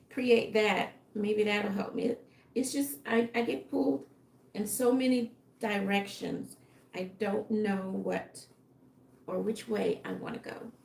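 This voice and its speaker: Tired, gravelly-voiced woman musing aloud. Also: medium pitch, a little mellow. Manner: musing aloud, halting and indecisive. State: voice fading, tired. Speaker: fashion designer. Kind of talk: casual live-stream talk. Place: home workroom. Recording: echoey room.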